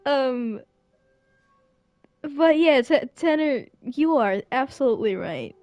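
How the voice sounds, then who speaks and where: Young woman streamer, slightly high voice, slow emotional reactions, dry close mic. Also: lively intonation, darkish tone, no echo, dull audio. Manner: emotional, tearful, laughing reactions. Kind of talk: live game stream reaction.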